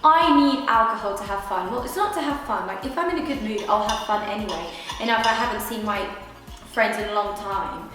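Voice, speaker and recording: A woman's voice: mid-range voice, a little fast, a bit bright. Chatty young woman in an echoey room. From Surrey, England. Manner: chatty, rambling, thinks aloud. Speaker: vlogger. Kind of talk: casual chat while eating. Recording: very echoey room, long reverb, faint music.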